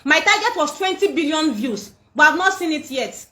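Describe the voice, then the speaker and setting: Her voice is high, animated and pushed, with a bright edge and normal speed. She's a Nigerian woman on a livestream, ranting defiantly into her phone, scolding and repeating herself, and the room echoes around her.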